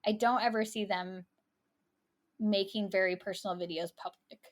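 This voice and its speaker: A woman co-hosting a podcast, chatting casually about a movie, quick to laugh and to admit when she's wrong. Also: medium pitch, steady tone. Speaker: podcast co-host. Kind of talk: casual chat.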